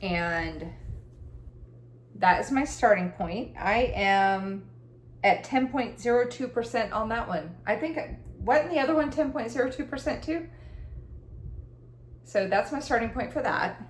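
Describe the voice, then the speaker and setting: A woman's voice: a little high, animated, a little slow, long pauses, echoey room, slight background noise. A woman talking casually about her cross-stitch projects, rambling and chatty, with self-deprecating laughs. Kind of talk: casual chat. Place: room at home.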